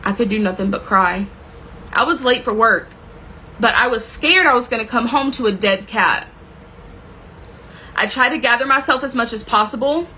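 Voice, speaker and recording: A woman's voice: a little high, normal speed, long pauses, pushed and bright, a little hiss or hum, low-quality recording. A woman telling a dramatic personal story with plenty of swearing, intense and emotional in her retelling. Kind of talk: personal story told to camera.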